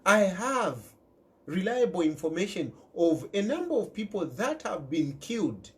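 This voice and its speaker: Zambian male commentator speaking straight to camera, insistent and lively in pitch. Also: unhurried. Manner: emphatic, repeats key phrases, mixes in local words. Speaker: political commentator. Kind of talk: impassioned direct-to-camera commentary.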